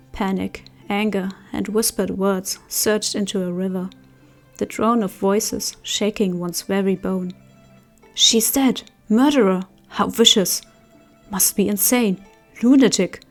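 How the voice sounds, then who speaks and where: A woman reading an audiobook, narrating in a steady, measured way. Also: medium pitch. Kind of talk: scripted narration.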